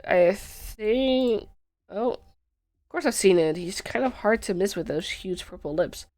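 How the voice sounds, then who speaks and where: A woman's voice: medium pitch, expressive, slow pace, a little mellow. A woman streamer chatting casually through a puzzle game, sick and sleepy, playful and self-mocking. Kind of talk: casual gameplay commentary.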